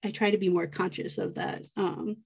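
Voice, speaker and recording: A woman's voice: fairly low pitch, very animated, normal speed, gravelly, a little mellow, breathy edge. American woman chatting casually. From United States. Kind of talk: casual conversation.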